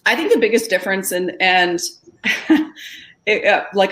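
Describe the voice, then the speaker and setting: A woman's voice: lowish voice, a little slow, a bit bright. A woman, a former national-team curler, telling a candid personal story in an earnest, emphatic way. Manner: earnest, emphatic, repeats herself.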